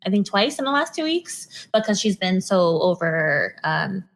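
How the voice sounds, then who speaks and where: A woman's voice: mid-range voice, sing-song, moderate pace. A woman co-hosting a podcast, talking in blunt, opinionated casual chat and swearing. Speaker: podcast co-host.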